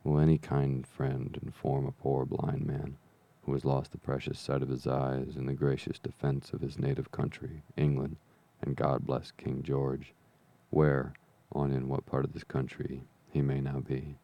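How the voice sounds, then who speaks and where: A man's voice: a bass voice, monotone, creaky, warm tone, full character voice. Man doing a cruel blind old beggar. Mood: wheedling. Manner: slow sing-song whine turning cold and sneering. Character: cruel blind old male beggar, wheedling then menacing.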